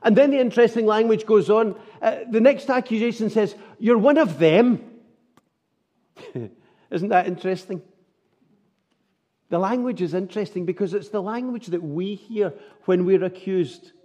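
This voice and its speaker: A man's voice: high voice, normal speed, dark tone. A man preaching a sermon, earnest and full of rhetorical tag questions.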